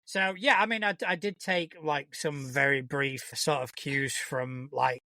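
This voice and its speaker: A man co-hosting a casual podcast, his voice bright and forward in tone. He thinks out loud in a relaxed way and swears freely, recorded close and dry. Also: mid-range voice, unhurried, gravelly, dry recording. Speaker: podcast co-host. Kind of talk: casual chat.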